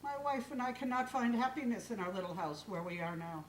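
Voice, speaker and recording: A woman's voice: fairly high pitch, expressive, a little fast, slight background noise, close to an everyday voice. A woman doing a small, pleading man. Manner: pleading and earnest. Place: live stage in a hall. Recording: echoey hall from far off.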